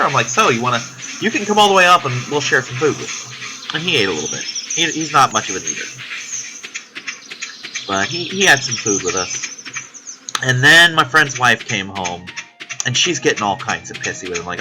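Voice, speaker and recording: Casual male vlogger, profane and rambling, with music clearly audible underneath. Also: mid-range voice, expressive, moderate pace, pauses often, rough recording. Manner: profane, chatty, self-deprecating.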